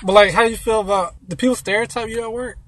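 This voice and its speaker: A man's voice: high voice, steady tone, quick pace, a bit bright. A man in casual chat who asks questions and teases with short jokes. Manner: teasing, chips in with short jokes. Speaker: conversation partner asking questions.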